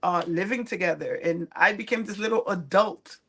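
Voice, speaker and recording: Guest woman, 40s, gravelly mid voice, lively storyteller who acts out family quotes. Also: mid-range voice, moderate pace, slight background noise. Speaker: guest chef and restaurateur. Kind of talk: casual storytelling interview.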